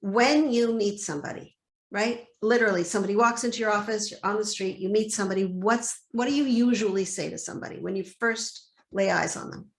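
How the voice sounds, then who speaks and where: Animated woman coach in an echoey room. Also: mid-range voice, fairly quick. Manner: animated, acts out inner dialogues. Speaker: guest, body-peace coach. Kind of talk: interview conversation.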